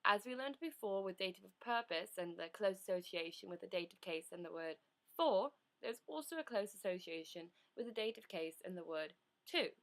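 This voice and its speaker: A woman's voice: medium pitch, animated, normal speed. A teenage woman playing a teacher in a school project skit, lecturing in an exasperated way. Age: teens.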